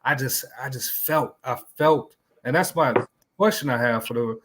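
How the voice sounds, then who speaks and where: A man hosting a casual podcast debate, steering the talk back to his question with halting restarts. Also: mid-range voice, a bit bright. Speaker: podcast host and moderator. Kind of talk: casual debate among friends.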